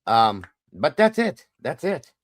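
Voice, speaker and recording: A man hosts a casual true-crime livestream in a middle-pitched voice. He talks bluntly, swears freely and keeps hedging with "in my opinion." The sound is dry, with no room echo. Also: very animated, takes it slowly. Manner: blunt and profane, keeps saying it is just his opinion. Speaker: livestream host.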